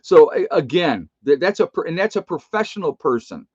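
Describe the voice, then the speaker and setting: A man's voice: a little high, big pitch swings, brisk, breathy edge, dry recording. Older man, retired nurse, hosting a casual stream; rambling, self-mocking, dry and dull audio. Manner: rambling, chuckling, self-teasing. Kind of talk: casual live stream chat. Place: indoor room with bookshelves.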